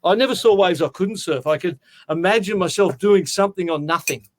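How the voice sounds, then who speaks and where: A man's voice: high-pitched, fairly quick. Earnest sixty-year-old Australian man. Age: 60s. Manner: earnest, heartfelt, keeps saying mate. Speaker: guest. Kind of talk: casual interview storytelling.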